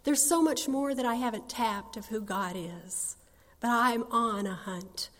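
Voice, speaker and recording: A woman's voice: fairly high pitch, a little slow, fairly bright tone, long reverb tail. A woman, sharing her personal testimony in a folksy, earnest storytelling manner. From North Carolina, USA. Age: 60s.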